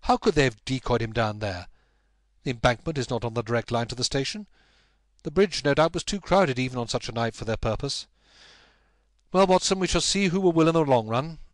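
A man voicing an intense, brilliant detective in an audiobook, with a brisk and emphatic delivery. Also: mid-range voice, lively intonation, no echo, lightly acted. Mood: agitated. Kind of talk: audiobook character voice.

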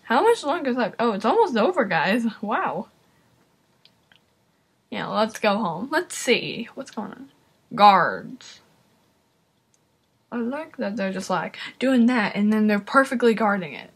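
A woman's voice: fairly high pitch, unhurried, long pauses, slightly rough. A woman giving casual reaction commentary to a video, exclaiming often and talking straight to her viewers. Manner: excitable, exclaims and talks to viewers.

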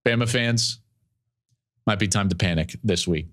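A man's voice: moderate pace, a bit bright. Emphatic man hosting a football podcast. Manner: emphatic, repeats phrases, swings pitch widely for emphasis. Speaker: podcast host. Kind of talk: animated sports commentary monologue.

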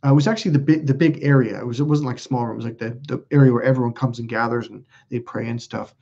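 A man's voice: mid-range voice, steady tone, very fast, gravelly, mellow, breathy edge. A man hosting a casual livestream, telling rambling stories bluntly and with lots of swearing while reading viewer comments. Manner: blunt, profane, rambling storyteller. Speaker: host. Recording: dull lo-fi recording.

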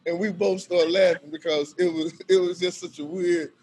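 Animated storytelling bishop, a man. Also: high voice, normal speed, a little hiss or hum. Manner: animated, acts out quoted voices, laughs often. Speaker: bishop and violence-prevention worker. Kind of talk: casual storytelling in a conversation.

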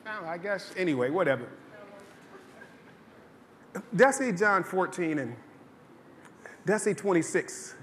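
A man's voice: high-pitched, lively intonation, takes it slowly, pauses often, slight background noise. A male pastor preaching a sermon in a church, with a conversational, joking storytelling style and lots of repetition. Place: church sanctuary.

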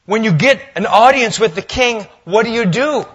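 A male pastor preaching a sermon in a church, lively and swinging between loud, emphatic lines and hushed asides. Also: high voice, moderate pace, husky, dull audio. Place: church sanctuary.

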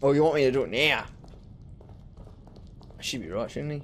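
A young man commentating a horror game playthrough, swearing and ranting with excitable outbursts. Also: medium pitch, moderate pace, a little hiss or hum. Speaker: gaming streamer. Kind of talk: let's play commentary.

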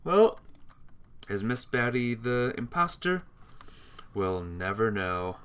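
A man's voice: fairly low pitch, very animated, takes it slowly, fairly bright tone, smooth. A man streaming a game with laid-back, chatty commentary, talking to his chat and teammates while yawning and sleepy. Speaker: gaming streamer.

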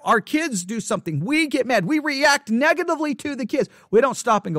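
A male pastor teaching catechesis in sermon style, emphatic and repetitive, hushing his voice for quoted thoughts. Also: very high voice, big pitch swings, fairly quick, dry recording, clean studio sound.

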